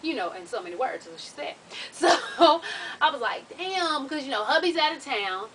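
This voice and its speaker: A young woman talks through a story on her vlog, loose, profane and animated. Her voice sits high and sharp. She is a little far from the mic, with a faint hiss behind her. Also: normal speed. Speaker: vlogger.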